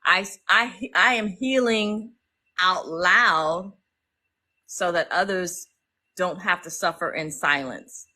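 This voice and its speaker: A woman's voice: on the low side, takes it slowly, bright, forceful tone, poor audio. A middle-aged woman, hosting a casual livestream and talking emotionally to her viewers. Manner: emotional, talks straight to viewers as y'all. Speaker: livestream host.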